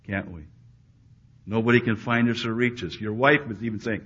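A man preaching a sermon, swinging between loud emphatic peaks and hushed, quiet asides. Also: fairly low pitch, fairly even intonation, moderate pace, breathy edge. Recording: dull lo-fi recording.

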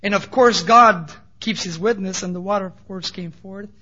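High, bright-voiced male preacher. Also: moderate pace, breathy edge. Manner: animated storytelling, casual asides. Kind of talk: sermon. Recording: dull lo-fi recording.

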